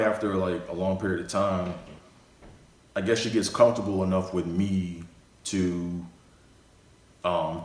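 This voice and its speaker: A young man telling a casual story, rambling and full of fillers. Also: deep voice. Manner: rambling, full of "you know" and "like". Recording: echoey room.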